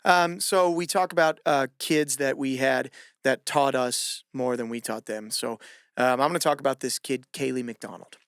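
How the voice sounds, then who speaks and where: A man who hosts a podcast and coaches gymnastics, telling stories in casual chat and acting out lively quotes. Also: mid-range voice, creaky, no echo, clean studio sound. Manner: animated, acts out shouted quotes.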